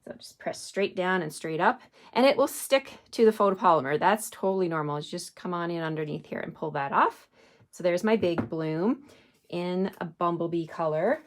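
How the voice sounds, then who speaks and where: A woman hosting a live card-stamping demonstration, chatty and friendly, thinking aloud as she works. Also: on the low side.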